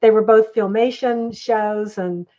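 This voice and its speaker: A woman's voice: medium pitch, fairly even intonation, measured pace, dark tone. A woman guest on an interview podcast, recalling her days acting on TV in an easygoing, reminiscing way. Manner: easygoing, reminiscing, affirming often. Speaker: guest, former TV actress and dancer. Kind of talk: casual interview conversation. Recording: dull lo-fi audio.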